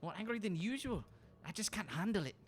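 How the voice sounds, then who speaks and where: A woman's voice: medium pitch, brisk, voice pushed up, lightly acted. A man voicing a frightened young woman who pleads to be rescued, in a tabletop game. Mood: pleading. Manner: anxious, pleading.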